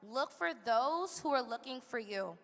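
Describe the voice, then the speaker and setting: A woman's voice: fairly high pitch, animated, unhurried, gravelly. A woman hosting a live panel conversation, chatty and loose with filler words, in a large event hall. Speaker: panel host.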